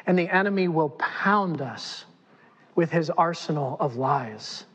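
A man's voice: fairly high pitch, lively intonation, unhurried, fairly bright tone, husky. A man preaching a sermon as pastor to a congregation, emphatic and dramatic. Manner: emphatic, dramatic, acting out quotes. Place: church hall before a congregation. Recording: long reverb in a church hall.

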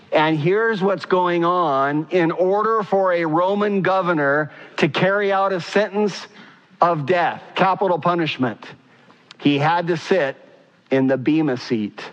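A man's voice: a bit bright, in a large hall, dull audio. A man preaching a sermon as pastor, emphatic and fervent, putting direct questions to his congregation. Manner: emphatic, rising to a high, fervent pitch at key points.

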